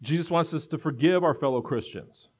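A man's voice: on the high side, brisk, breathy edge. A man preaching a sermon in an earnest way, building to emphatic repetition. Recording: dull lo-fi recording.

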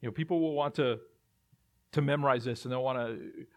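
A man's voice: medium pitch, a little fast, creaky. A male pastor preaching a sermon, emphatic and repeating phrases as he builds his points.

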